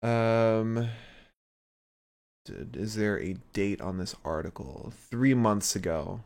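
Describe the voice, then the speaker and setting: A man co-hosting a podcast, chatting casually with relaxed, hesitant delivery and frequent fillers. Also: lowish voice, slow. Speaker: podcast co-host. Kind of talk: casual chat recapping wrestling.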